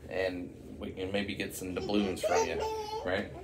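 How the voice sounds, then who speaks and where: A man's voice: low voice, little pitch movement, a little slow, very noisy. A man voicing a laid-back, sarcastic pirate crew who talk in slangy, casual modern speech within a silly improvised story. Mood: wry.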